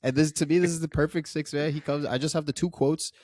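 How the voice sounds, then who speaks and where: A man co-hosting a casual film review podcast, animated and quick to laugh, acting out lines from the movie. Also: on the high side, no room sound, clean studio sound. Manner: animated, laughs often, acts out quotes. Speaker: podcast co-host.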